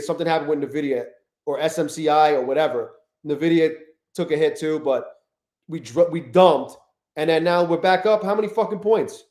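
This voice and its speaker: A man streaming live, talking casually and excitably to his chat, swearing often and greeting viewers by name. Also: on the high side, roomy sound.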